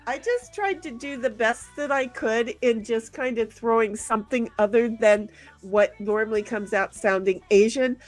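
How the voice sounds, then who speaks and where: A woman's voice: fairly high pitch, normal speed, soft background music. A woman hosting a casual game stream, chatting and reading viewers' messages aloud, laughing often. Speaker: stream host.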